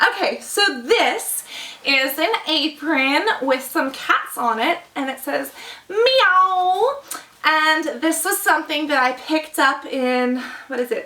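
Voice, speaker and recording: A woman's voice: sits high, bright, forceful tone, echoey room, recorded from a distance. A young woman vlogger in casual chat, gushing and chatty with lots of likes and oh-my-gods.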